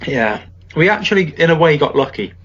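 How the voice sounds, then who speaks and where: A man's voice: a little high, sing-song, brisk, a bit bright, slightly rough, dull audio. A man co-hosting a casual football podcast, talking in a wry, rambling way with joking asides. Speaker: podcast co-host.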